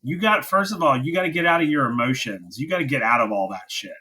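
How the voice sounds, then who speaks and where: A man's voice: mid-range voice, expressive, quick pace, bright, forceful tone, poor audio. A man co-hosting a wrestling podcast in casual chat, talking in emphatic, impassioned rants.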